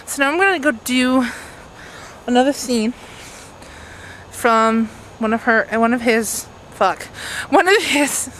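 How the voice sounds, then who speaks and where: A woman clowning for a friend's camcorder at a bus stop talks slowly in a fairly bright, higher voice with lively intonation. She giggles, directs whoever is filming and swears a lot, while traffic rumbles on the busy street.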